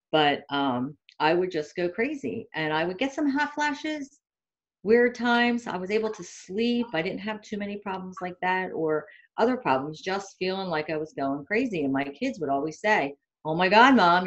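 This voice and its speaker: Candid woman in her fifties, dull audio. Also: deep voice. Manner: candid, animated storytelling. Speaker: panel guest. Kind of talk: casual chat.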